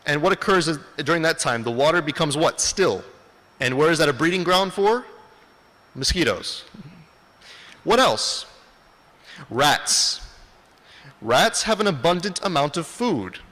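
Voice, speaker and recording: A man lectures in a bright, lively voice that rises and falls a lot. He keeps asking his audience questions and then answers them. Long reverb from the hall trails after his words. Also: on the high side, measured pace, pauses often. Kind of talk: lecture presentation.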